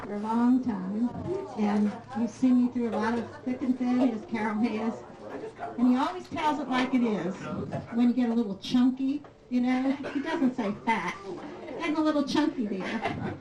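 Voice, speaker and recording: A woman giving an affectionate, gently teasing birthday toast with a short story. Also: on the high side, moderate pace, dull audio. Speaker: toast giver at a birthday party. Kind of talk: fond storytelling speech. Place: room at a family party. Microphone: far camcorder. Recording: echoey room from far off, loud noise.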